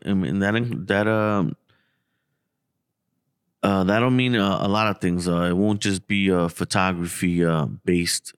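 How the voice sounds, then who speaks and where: A man co-hosting a podcast, telling a story in casual, profane, animated chat. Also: unhurried, clean tone, no room sound, clean studio sound. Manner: animated, profane, gets loud and high when acting out the story. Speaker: podcast co-host.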